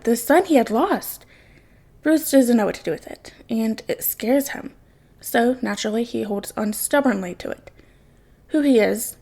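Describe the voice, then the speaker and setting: A woman with a fairly high voice reads a story aloud, soft and unhurried in her narration. Her delivery is a calm, plain audiobook reading. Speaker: podfic reader. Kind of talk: reading fan fiction aloud.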